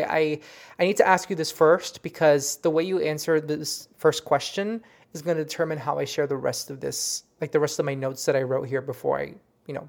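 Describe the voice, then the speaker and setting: A psychic medium recounting a reading in an earnest, emotional, halting way, often restarting sentences and trailing off softly. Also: medium pitch, creaky. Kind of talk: personal storytelling.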